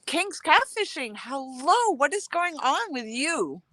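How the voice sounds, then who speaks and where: A woman's voice: high voice, very animated, slow, a bit bright, no echo. Sniffly woman chatting on a cold dock. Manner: chatty, rambling, reads out viewer comments. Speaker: live-streaming fishing vlogger. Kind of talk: casual live-stream chat. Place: outdoors on a cold dock by the water. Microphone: phone held at arm's length.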